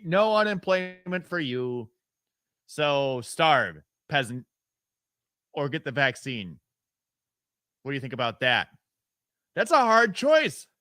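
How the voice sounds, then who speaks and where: A man's voice: medium pitch, pushed and bright, no echo. Upstate ny radio host guy, sarcastic and rambly, super dry close sound. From upstate New York. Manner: opinionated, rambling, with fillers and sarcastic asides; mocks others by putting on their voices. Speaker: radio talk show host. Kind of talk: casual call-in talk radio.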